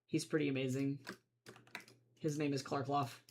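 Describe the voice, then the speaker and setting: A young adult comic artist chatting casually on a livestream while drawing. The talk is excitable and jokey, with loud bursts and quieter self-mocking mutters. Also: mid-range voice, moderate pace, noisy background. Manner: excitable and chatty, swinging between loud squeals and soft mutters.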